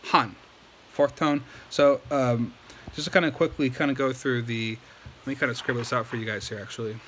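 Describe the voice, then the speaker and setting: At home at night, a man teaching Chinese runs a casual lesson, explaining patiently and checking in with okay after every point. His voice is mid-range with a fairly bright tone, and the rough recording carries slight background noise.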